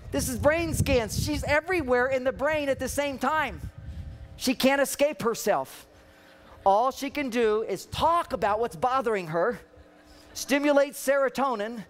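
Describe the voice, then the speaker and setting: A man giving a humorous seminar talk on an outdoor stage, playfully acting out the voices he quotes. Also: very high voice. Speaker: seminar speaker. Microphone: microphone catching wind.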